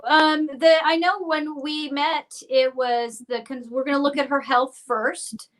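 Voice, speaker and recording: A woman's voice: high voice, steady tone, a little slow, poor audio. A woman hosting a live stream as a psychic medium, chatty and playful, often laughing at herself. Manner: chatty, playful, self-deprecating.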